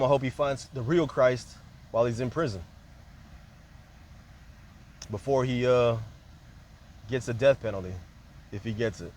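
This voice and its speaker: A man of ordinary mid-range pitch holding forth in a casual, unscripted monologue. He rambles and hops between points, dropping easygoing fillers as he goes. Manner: loose and conversational, peppered with "man" and "like".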